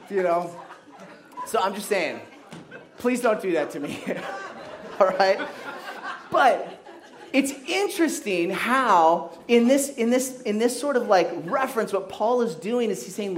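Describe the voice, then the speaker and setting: A young man who grew up in Kenya, a youth pastor giving a sermon with animated, joking storytelling. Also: very high-pitched, a little slow, a crowd in the background, background noise. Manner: animated storytelling, jokey asides.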